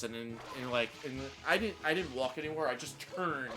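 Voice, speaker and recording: Brief: lively streamer guy, bright forceful voice, animated storyteller, music under. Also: medium pitch, fairly quick, few pauses. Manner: animated storyteller, puts on voices for quoted people. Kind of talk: casual chat, telling a dream story.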